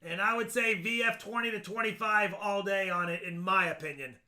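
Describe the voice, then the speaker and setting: A man's voice: high-pitched, brisk, sharp tone. A man hosting a live coin auction stream, chatting casually and joking about the coins as he shows them. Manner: chatty, jokey, talks coin grades and dates.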